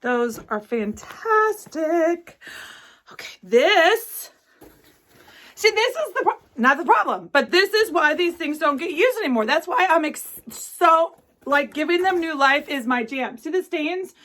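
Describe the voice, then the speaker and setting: A woman, chatting through an unboxing with gushing, gasping delight and halting restarts. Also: very high voice, lively intonation, a bit bright. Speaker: crafting vlogger. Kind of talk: excited unboxing chat.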